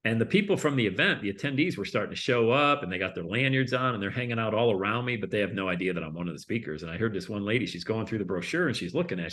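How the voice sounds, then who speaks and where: A man's voice: lowish voice, very fast, few pauses. A man speaking as a guest in a casual interview, telling his stories in a loose, conversational way. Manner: animated, acts out quoted voices, loose and conversational. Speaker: guest, public speaker and coach.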